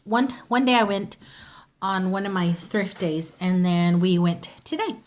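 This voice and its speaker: A woman talks casually to her viewers as she shows a shopping haul. She rambles, goes off on side stories and corrects herself mid-sentence, with a relaxed, homey way of talking. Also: mid-range voice, a little slow. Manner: chatty, rambling, self-interrupting. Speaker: vlogger. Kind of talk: casual haul video chat.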